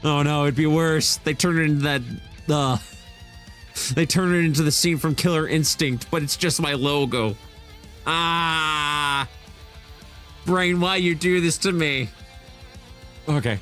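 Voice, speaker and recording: A young man hosting a casual livestream chat, animated and jokey, who laughs often and swoops his voice up when greeting viewers. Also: medium pitch. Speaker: streamer host.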